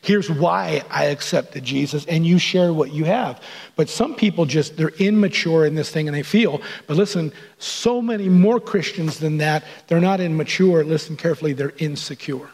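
Gravelly, husky male preacher. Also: on the high side, normal speed, a little mellow. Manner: earnest, conversational preaching with acted-out quotes. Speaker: pastor. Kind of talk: sermon.

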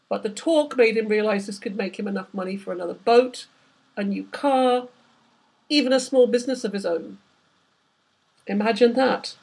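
A woman, the author, reading aloud from her novel in steady, measured narration. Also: fairly high pitch, breathy edge, low-quality recording. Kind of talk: book reading.

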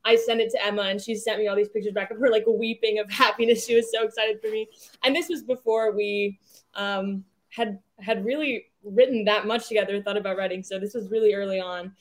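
A woman's voice: mid-range voice, fairly even intonation, fairly quick. A young woman, a singer, chats as an interview guest. She tells her story with enthusiasm, rambling along in a casual way.

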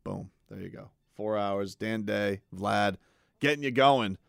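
A man's voice: lowish voice, vocal fry, no echo, studio quality. A man hosting a sports radio show, bantering casually with his co-hosts and joking around. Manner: animated, joking, quick to shout out lines.

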